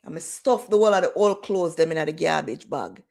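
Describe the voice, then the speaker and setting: A woman's voice: low voice, brisk, vocal fry. Woman in her forties, livestream storyteller, candid and emotional, quotes others with energy. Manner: candid, emotional, animated retelling with quoted dialogue. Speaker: livestream host.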